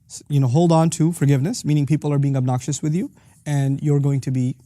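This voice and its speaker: A middle-aged man teaching a lesson on Quranic verses as host of his series, talking rapidly and breaking into quick Arabic recitation. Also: on the high side, mellow, dry recording, studio quality.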